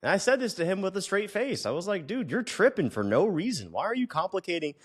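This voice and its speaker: A man hosting a podcast, telling a client story in a loose, casual monologue. He sits a bit high for a man and swings his pitch all over, jumping into quick impressions of the people he quotes and cursing for laughs. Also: slightly rough. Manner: animated, acts out the people he quotes; profane, joking. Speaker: podcast host and personal trainer.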